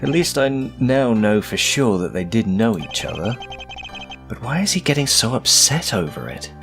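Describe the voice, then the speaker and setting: A man's voice: on the low side, sing-song, moderate pace, fairly bright tone, soft background music. A man commenting on a game as he plays, joking and mocking himself while thinking aloud. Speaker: let's play gamer.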